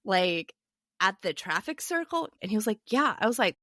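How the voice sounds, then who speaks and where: A woman's voice: mid-range voice, normal speed, no room sound, studio quality. A young woman guest on a podcast, telling a story in a casual chat and acting out what people said. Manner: animated storyteller, quotes others in a lively voice.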